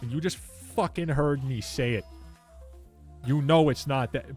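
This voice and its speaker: A man's voice: mid-range voice, unhurried, darkish tone, faint music behind. A young man chatting casually on a live stream, rambling and swearing as he rants and answers chat. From Canada. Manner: rambling, profane ranting while reading chat.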